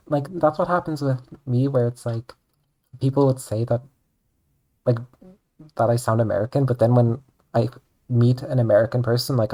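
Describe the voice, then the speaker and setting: Young adult, Irish accent, streamer chatting while drawing, rambling, lots of "like", creaky voice. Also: medium pitch, mellow. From Ireland. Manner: rambling, chatty, says "like" often. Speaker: streamer and artist. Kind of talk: casual chat while drawing.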